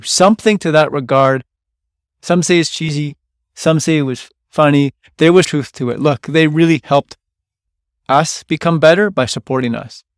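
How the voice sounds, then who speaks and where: A man hosting a podcast, telling a workplace story in a lively way and quoting coworkers in loud bursts. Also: on the high side, moderate pace, vocal fry, dry recording, studio quality. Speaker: podcast host. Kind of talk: storytelling monologue.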